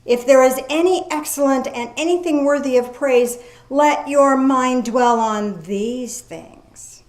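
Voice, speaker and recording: A woman preaching a sermon in a lively, folksy way, reading scripture aloud slowly and commenting with casual asides. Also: high-pitched. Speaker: pastor. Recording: echoey room.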